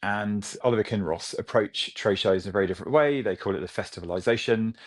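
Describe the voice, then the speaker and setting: A man in his forties from Britain, a company chief talking with animated enthusiasm in a business interview. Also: fairly low pitch, quick pace. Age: 40s. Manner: enthusiastic, animated storytelling with laughs. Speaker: CEO guest.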